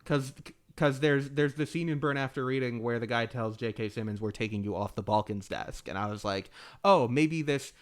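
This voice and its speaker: A man's voice: medium pitch, level tone, a little fast. A man co-hosting a podcast, talking casually about movies, laughing often and acting out scenes. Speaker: podcast co-host. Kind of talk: casual film discussion.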